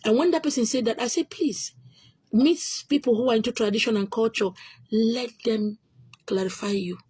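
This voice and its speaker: A woman's voice: on the high side, moderate pace, warm tone, husky, dry recording. A Nigerian woman with a Nigerian accent, a spiritual teacher answering viewer questions on her own video channel in an emphatic, insistent way, repeating her points.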